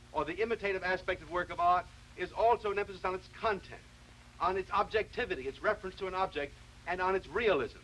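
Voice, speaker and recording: A man giving a televised philosophy lecture, explaining in a measured, deliberate way and often restarting his sentences. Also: high voice, fairly bright tone, slight background noise, poor audio.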